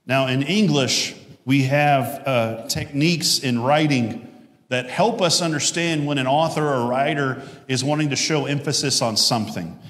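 A man's voice: mid-range voice, a little slow, a bit bright. A male pastor giving a conversational sermon with jokes, asides and self-corrections. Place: church sanctuary. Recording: echoey church hall.

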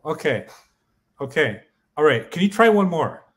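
A man learning in a casual chat, halting as he guesses meanings aloud and asks for phrases to be repeated. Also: fairly high pitch, big pitch swings. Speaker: co-host and learner.

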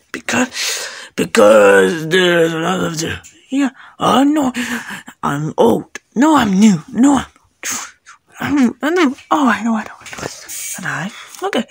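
A woman voices a whole homemade cartoon by herself, slipping between squeaky highs and gruff lows. Her voice sits high and gravelly, with a husky edge. She drags each excitable, broken phrase out slowly. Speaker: fan animator voicing all characters.

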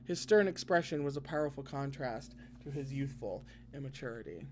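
A man reading a novel aloud expressively, now and then breaking in with excited asides. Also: medium pitch, fairly quick, a little hiss or hum. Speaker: podcast reader.

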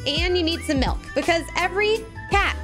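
A woman's voice: very high voice, expressive, moderate pace. A young woman hosting a gaming video, giving bubbly, gushing commentary as she plays and talking sweetly to the animals on screen. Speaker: gaming channel host. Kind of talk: playing a video game with live commentary. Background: background music.

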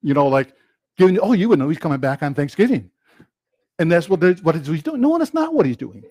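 A man preaching a sermon, quoting scripture and acting out questions and answers in lively back-and-forth. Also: sits high, fast talker, husky, no echo, studio quality. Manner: animated, quotes scripture and acts out rhetorical dialogue.

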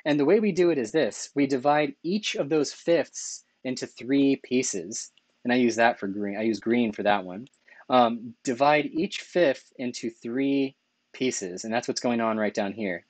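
A man's voice: mid-range voice, a little slow, no echo. A man teaching a math lecture over slides, enthusiastic, correcting himself often and asking "right?" as he goes. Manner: enthusiastic, self-correcting, asks rhetorical questions with "right?".

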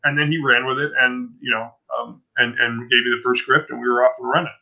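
In a dull, lo-fi recording, a man in his sixties who draws comic books recounts stories in a rambling, self-interrupting manner. He talks a little fast, with a flat, creaky, medium-pitched delivery.

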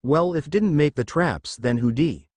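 Brooding teen ninja boy, cold and menacing, read by a male narrator, lively pitch, dry sound. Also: a little slow, no room sound. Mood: angry.

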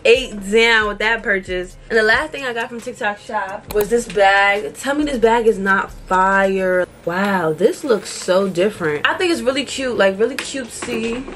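A woman's voice: mid-range voice, a little slow, few pauses, a bit bright, a little hiss or hum. A woman in her twenties chatting casually to her viewers in a bubbly, slangy vlog style. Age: 20s. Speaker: vlogger. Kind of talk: casual vlog chat to camera.

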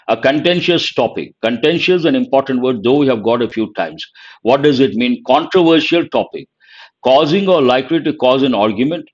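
A man explains an editorial in a recorded lesson, rereading each phrase and stopping to define words. His voice sits at a middle pitch for a man. The recording sounds muffled and lo-fi. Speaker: exam-prep teacher.

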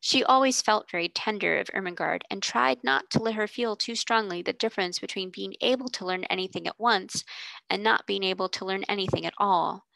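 A woman narrating a classic children's novel aloud in a measured storytelling manner. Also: medium pitch, vocal fry, sharp tone, no room sound, rough recording. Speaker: reader. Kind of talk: audiobook narration.

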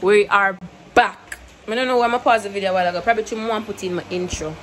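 A woman's voice: mid-range voice, rapid-fire, rough recording. Young jamaican woman rambling to her vlog camera, mixing patois in, bit of faint noise behind. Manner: chatty, mixes English with patois, laughs often. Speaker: YouTuber. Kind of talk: casual vlog chat to camera.

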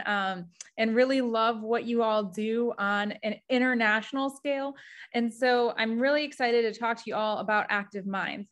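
A woman's voice: on the high side, a bit bright. A young woman from Wisconsin giving a casual online presentation over a video call, chatty and friendly with plenty of ums. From Wisconsin, USA. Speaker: guest presenter.

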